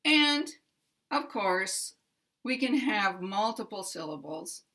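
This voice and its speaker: An American woman teaching English pronunciation, explaining slowly and modeling example sentences with careful stress. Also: mid-range voice, sing-song, pushed and bright. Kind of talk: slow, clear instructional explanation.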